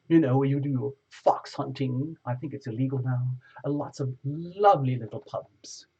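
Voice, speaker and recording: A man's voice: medium pitch, creaky, darkish tone, husky. A man hosting a tarot channel livestream, chatting in a rambling, playful way with his viewers. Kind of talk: casual livestream chat with viewers. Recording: dull lo-fi stream audio.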